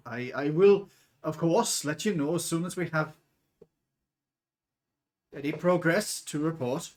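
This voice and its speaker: A man's voice: mid-range voice, very animated, moderate pace, close to an everyday voice. A man voicing a nervous, overly polite male dwarf office manager who stammers and apologizes.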